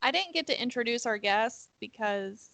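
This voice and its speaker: A woman's voice: on the high side, lively intonation, normal speed, vocal fry, fairly bright tone, no echo, poor audio. A woman co-hosting a podcast in casual comedic chat, teasing and wisecracking. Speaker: podcast co-host.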